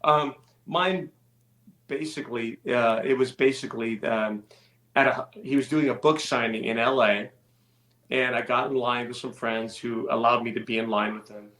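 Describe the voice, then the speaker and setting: Musician guest in echoey room. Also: male voice, medium pitch, normal speed. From California. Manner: relaxed storytelling, self-deprecating. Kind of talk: casual interview chat.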